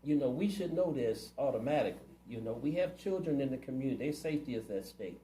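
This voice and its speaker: A man's voice: medium pitch, lively intonation, fast, dark tone, roomy sound, slight background noise, rough recording. A man running for city council, answering interview questions in a plainspoken, earnest way. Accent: Ohio. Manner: earnest, plainspoken, community-minded.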